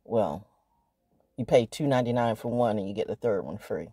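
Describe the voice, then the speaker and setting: A woman talking casually to her phone outdoors in the woods, chatty and opinionated, with a high sing-song voice for animals. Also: animated, normal speed, warm tone, breathy edge, dry recording, poor audio. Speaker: vlogger. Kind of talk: casual outdoor vlog monologue. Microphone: phone held in hand.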